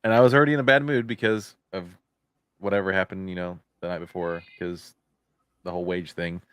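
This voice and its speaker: A man's voice: sits low, fairly even intonation, brisk, a bit bright, clean tone. A man co-hosting a podcast, telling a rambling factory story in casual chat and swearing freely. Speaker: podcast co-host; factory worker.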